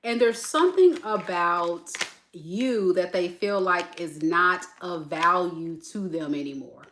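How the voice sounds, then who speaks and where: A woman reads tarot for her viewers in a chatty, animated way. Her voice is bright and forward, with a faint hiss of noise under it. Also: lowish voice, takes it slowly. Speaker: tarot reader. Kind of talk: casual tarot reading livestream.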